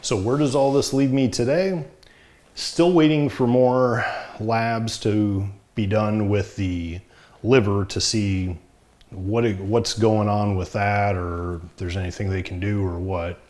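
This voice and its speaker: Middle-aged man, low-pitched, plainspoken vlogger, slightly short of breath. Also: steady tone, slow pace, darkish tone. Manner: frank, plainspoken, wry. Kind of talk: casual talk to camera.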